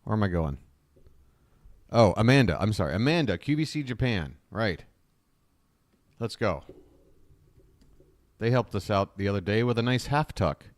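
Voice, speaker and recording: A man's voice: on the low side, lively intonation, normal speed, pauses often, no echo. A man hosting a live stream, riffing casually and wryly, often wandering off on tangents. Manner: rambling, wry, easily sidetracked.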